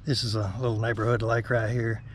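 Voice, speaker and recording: A man hosting a fishing vlog outdoors by a lake, talking softly and folksy to his viewers. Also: fairly low pitch, flat delivery, fairly quick, a little hiss or hum. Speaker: fishing channel host. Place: outdoors on the bank of a small neighborhood lake.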